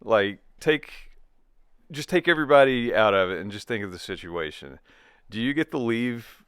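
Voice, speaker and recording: A man's voice: mid-range voice, expressive, normal speed, a bit bright, smooth, dry recording, clean studio sound. A man co-hosting a casual chat, joking, giggling and tripping over his words. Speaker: co-host.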